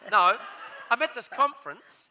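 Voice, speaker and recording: A man's voice: very high-pitched, expressive, moderate pace, pushed and bright, a little hiss or hum. A man telling stories as a guest on a live stage show, animatedly acting out the voices of the people in them. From New Zealand. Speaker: guest storyteller.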